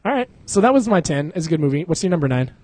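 A young man chats casually as a podcast co-host, rambling through slangy stories and laughing often. His voice sits fairly high for a man. The sound is dry and close. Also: sing-song, rapid-fire, a little mellow, dry recording. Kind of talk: casual chat.

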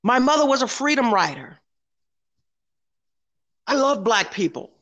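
A woman telling a workplace story in an animated, casual way, often repeating herself. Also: a little high, unhurried.

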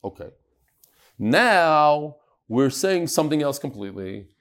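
Animated man teaching Talmud. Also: a little high, a little slow. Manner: animated, acts out quotes, swings between loud and soft. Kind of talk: classroom Gemara lesson.

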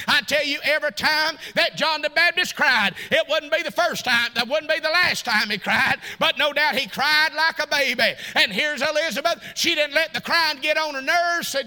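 Man preaching, fervent and folksy, very high bright voice. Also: expressive, moderate pace. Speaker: pastor. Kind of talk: sermon.

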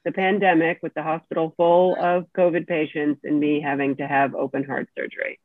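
A woman telling a personal story as an interview guest, animated and acting out the people she quotes. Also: deep voice, fairly quick, no room sound. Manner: animated, acts out quoted speech. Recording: tinny dry phone line.

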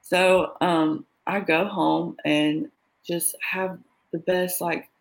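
A woman's voice: on the low side, steady tone, poor audio. Woman telling a candid personal story. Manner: candid, halting, heavy with fillers; often quotes others in dialogue. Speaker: interview guest.

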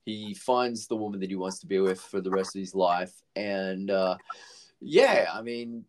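Speaking at a normal speed in a low voice, a podcast co-host casually discusses a film. He sounds relaxed, swears often, and rambles, restarting his sentences along the way.

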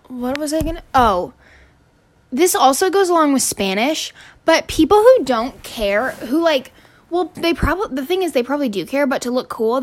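A teenage girl ranting casually on her podcast, exasperated and swearing, rambling with restarts. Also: fairly high pitch. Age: teens. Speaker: student podcaster.

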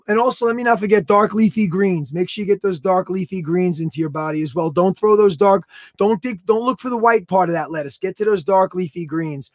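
A man's voice: sits high, darkish tone, no room sound, clean studio sound. A man co-hosting a fitness podcast over a video call, laid-back and joking, signing off with slangy catchphrases. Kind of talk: casual podcast chat.

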